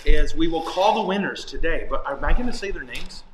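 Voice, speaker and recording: A man's voice: fairly high pitch, animated, brisk, slight background noise. A man who is a priest, chatting casually on a livestream. He jokes at his own expense and chuckles often. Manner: playful, self-deprecating, chuckles often.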